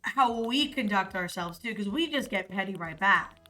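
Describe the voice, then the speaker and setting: A woman's voice: medium pitch, lively intonation, moderate pace, bright, forceful tone. A young American woman streaming, chatting casually in a rambling, profane way with lots of fillers. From United States. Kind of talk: casual live-stream chat. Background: faint music.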